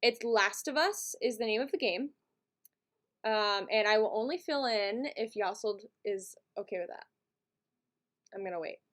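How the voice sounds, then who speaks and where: A woman's voice: medium pitch, moderate pace, long pauses, fairly bright tone. A woman hosting a live stream, chatting casually and giggly with her viewers from a home setup. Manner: chatty and giggly, talks to chat.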